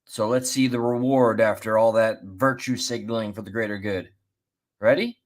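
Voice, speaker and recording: A man's voice: on the low side, fairly even intonation. A man casually commenting while reacting to a clip, chatty and rambling, with restarts. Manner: chatty, laughs and restarts, drawn-out asides. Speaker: commentary host.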